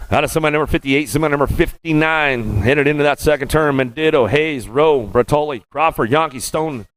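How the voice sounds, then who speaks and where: A man calling BMX races live as track announcer, rattling off rider names in a rapid, rhythmic play-by-play and repeating stock phrases. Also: a little high, dry recording. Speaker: race announcer. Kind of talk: live race commentary.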